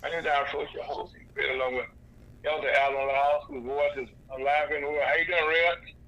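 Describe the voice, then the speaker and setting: A raspy man with a St. hosts a live call-in radio show, talking in a bright, gravelly, slightly high voice. The sound is dull and lo-fi, with faint hiss behind him. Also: little pitch movement, brisk. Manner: lists cities in a long greeting. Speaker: radio talk show host.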